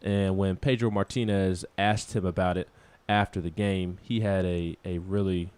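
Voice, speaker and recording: A man's voice: sits low, steady tone, moderate pace, a little mellow, clean tone, no room sound. A man co-hosting a casual sports talk show, rambling with many restarts and laughing at himself. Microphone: studio microphone.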